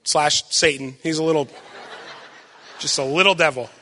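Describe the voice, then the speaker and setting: A young man giving a sermon with personal stories, loud and animated, self-deprecating and acting out what people say. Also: fairly high pitch, moderate pace, big-room sound, a little hiss or hum. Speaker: preacher.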